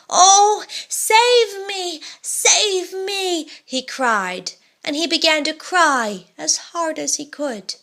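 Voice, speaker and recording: Woman storyteller: slow, bright, dramatic read-aloud. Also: fairly high pitch. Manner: expressive, dramatic.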